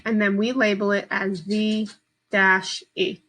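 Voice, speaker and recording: A woman teacher giving a slow, patient, step-by-step phonics lesson to young children from home. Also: medium pitch, little pitch movement, a bit bright, low-quality recording.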